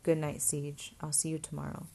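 A woman reading a gentle young boyfriend. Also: a little high, completely flat delivery, normal speed, creaky, breathy edge. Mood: tender. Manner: soft, apologetic.

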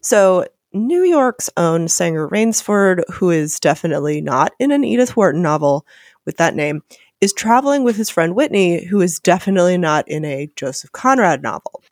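A woman's voice: fairly low pitch, expressive, moderate pace, dry recording, studio quality. A woman co-hosting a podcast, summarizing and discussing a story with wry jokes. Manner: wry, joking asides. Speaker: podcast co-host. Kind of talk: casual literary discussion.

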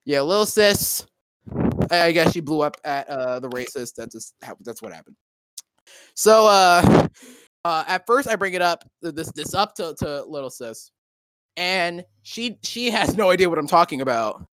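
A man's voice: fairly high pitch, lively intonation, moderate pace, fairly bright tone, dry recording. Rambling young man, dry sound. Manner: rambling, profane, many fillers and restarts. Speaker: co-host. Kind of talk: casual storytelling chat.

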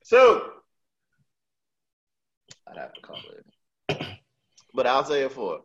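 A man co-hosting a podcast in casual banter, an animated storyteller who laughs a lot and acts out the lines he quotes. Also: medium pitch, slow. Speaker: podcast co-host. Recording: dull lo-fi sound.

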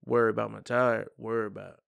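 A man's voice: fairly low pitch, flat delivery, fast, creaky, fairly bright tone, smooth, no room sound. A man co-hosting a podcast in casual chat, laid-back and slangy, swearing freely. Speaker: podcast co-host.

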